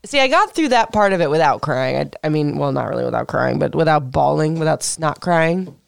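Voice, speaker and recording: A woman in her thirties from Florida, chatting candidly on her podcast. Her voice is smooth and clear, recorded dry and close with no room sound. She rambles freely between tender and joking. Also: sits low, animated, a little fast, dry recording. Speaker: podcast host and mother. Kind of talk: casual podcast chat.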